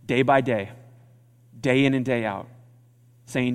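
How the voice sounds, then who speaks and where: A man's voice: mid-range voice, takes it slowly, smooth. A man preaching a sermon as pastor, earnest and conversational, often repeating his phrases. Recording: church hall reverb.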